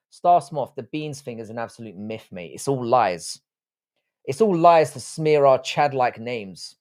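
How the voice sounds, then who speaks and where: A man's voice: medium pitch, animated, normal speed, darkish tone. A man hosting a live stream, casually reading out chat and trading profane mock insults with viewers. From England.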